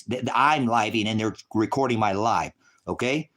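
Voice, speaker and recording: An angry, distraught man ranting profanely on a livestream, at times shouting. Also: fairly low pitch, moderate pace.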